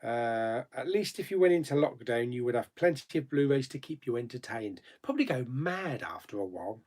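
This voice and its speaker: A man's voice: medium pitch, animated, brisk, a little mellow. A man hosting a casual live chat, reading viewer comments aloud and answering them with frequent laughs. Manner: chatty, laughs often, reads comments aloud then answers. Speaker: YouTube host.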